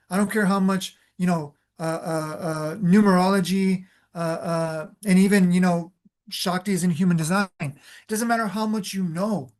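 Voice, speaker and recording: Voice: medium pitch, darkish tone. Emphatic spiritual coach talking. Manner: emphatic, repeats phrases for stress; loose, filler-heavy delivery. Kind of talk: motivational talk.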